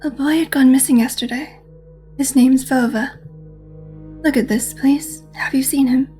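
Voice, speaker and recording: A woman voicing a weary, suspicious male police officer with a Russian accent, asking slow, probing questions. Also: high-pitched, steady tone, mellow, faint music behind.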